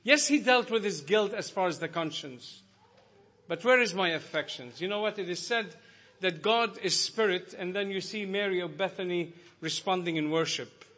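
A man delivering a sermon with a high, bright and forceful voice. He speaks earnestly and reflectively, pressing each point home as he preaches to the brethren. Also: moderate pace.

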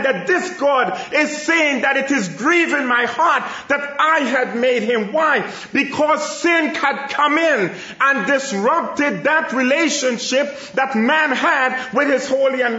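A man with a very high, bright voice preaches slowly and emphatically, swelling into shouts. The sound is echoey and a little dull and lo-fi. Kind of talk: sermon.

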